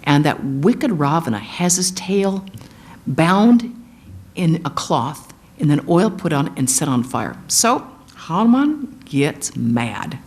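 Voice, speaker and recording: A woman with a low-pitched voice gives a sermon, retelling an old epic as lively storytelling. She acts out the quotes of its figures in a bright, engaged manner. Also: slow pace. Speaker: guest speaker, monastic.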